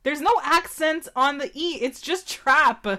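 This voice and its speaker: A woman's voice: high-pitched, unhurried, bright, forceful tone. A young woman. She talks bluntly and swears as she trades jokes with her co-host. Her chat is loose and casual. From Canada. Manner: blunt, profane, laughing. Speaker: co-host of a beer tasting show.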